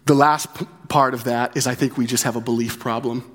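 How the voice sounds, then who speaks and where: A man's voice: mid-range voice, steady tone, fairly quick. Conversational male pastor preaching. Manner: conversational, with frequent tag questions; repeats key phrases for emphasis. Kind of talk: sermon.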